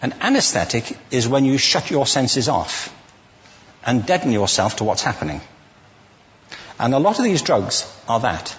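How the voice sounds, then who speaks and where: A man's voice: medium pitch, in a large hall, a little hiss or hum. A man giving a witty, conversational lecture to a live audience, asking the listeners questions as he goes. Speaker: public speaker.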